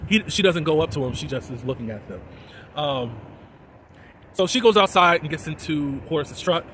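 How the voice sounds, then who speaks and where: Chatty man recapping a show, slightly high voice. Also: lively intonation, moderate pace, a little hiss or hum, poor audio. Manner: chatty, chuckling, softens swear words. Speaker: TV episode reviewer. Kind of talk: casual episode recap.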